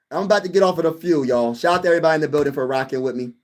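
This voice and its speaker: A young man with a noticeably high voice hosts a casual sports livestream. He talks to his chat with hyped, trash-talking fan energy, riding the highs as he banters. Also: very fast.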